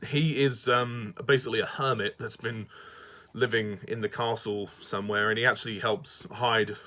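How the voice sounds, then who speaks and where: A man's voice: lowish voice, fairly even intonation, moderate pace, sharp tone. A man with a Southern English accent giving a casual spoken review, hesitant, often restarting sentences and laughing between them.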